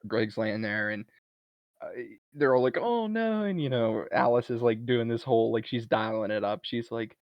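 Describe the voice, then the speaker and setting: A man of middle pitch talks casually as a podcast co-host, recapping a movie with lively energy. His voice is dry and a little dull, as if from a modest podcast mic. He retells scenes with easygoing enthusiasm. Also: moderate pace, no room sound. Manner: animated retelling, briefly acting out lines from a film.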